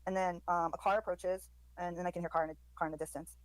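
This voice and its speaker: Brief: lower-pitched woman, quick hesitant live-stream commentary, dry close mic. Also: little pitch movement, no echo, poor audio. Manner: hesitant, many ums, quoting overheard lines. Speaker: commentator describing audio.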